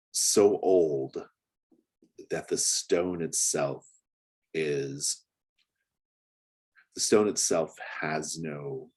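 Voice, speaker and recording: A man's voice: very deep voice, darkish tone, breathy edge. A man narrating as game master of a tabletop game, describing scenes in a hesitant way with many fillers.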